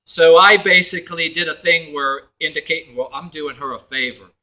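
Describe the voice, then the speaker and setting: Rambling man with a bright, tense voice. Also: on the high side, normal speed, rough recording. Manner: meandering, full of fillers and restarts, acts out others' lines. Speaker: video blogger. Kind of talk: rambling personal story to camera.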